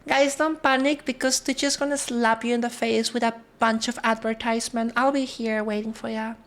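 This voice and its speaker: Woman, streamer, casual chat, greets viewers one by one, slightly high voice. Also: steady tone, normal speed. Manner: chatty, greets viewers one by one, switches between English and Spanish.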